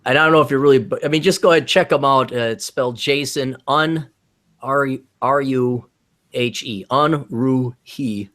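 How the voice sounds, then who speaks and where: Livestream host, man, rambling, reads the chat out, medium pitch. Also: steady tone, moderate pace, fairly bright tone.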